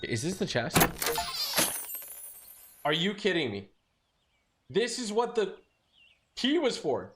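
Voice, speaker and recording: A young man giving excitable live commentary while playing a video game, yelping when startled. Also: sits high. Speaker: gaming streamer. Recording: loud game noise behind voice. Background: game sound effects.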